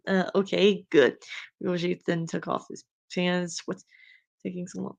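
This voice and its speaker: A woman's voice: lowish voice, level tone, a little slow, vocal fry, long pauses. A woman with a Spanish accent, a streamer talking in a casual, rambling way. She speaks her mind bluntly and fills her talk with ums and restarts. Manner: rambling, with many fillers and restarts; outspoken and exasperated. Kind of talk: casual rambling commentary while reading fan fiction.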